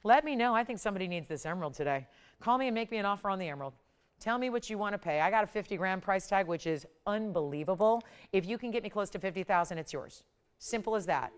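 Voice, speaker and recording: A woman with a clean, mid-range voice hosts a live jewelry shopping broadcast. Her sales patter is upbeat and pushy.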